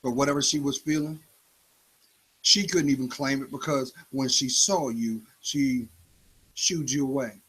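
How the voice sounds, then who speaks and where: Husky man preaching a motivational monologue. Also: mid-range voice, fairly even intonation, unhurried, fairly bright tone, rough recording. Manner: preachy, confrontational, rhetorical questions. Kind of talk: spoken-word motivational monologue.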